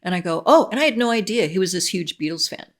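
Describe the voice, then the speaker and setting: Gravelly, gushing middle-aged woman. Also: lowish voice, fast. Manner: gushing, excitable, many restarts and laughs. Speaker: vlogger. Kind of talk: casual chat to camera.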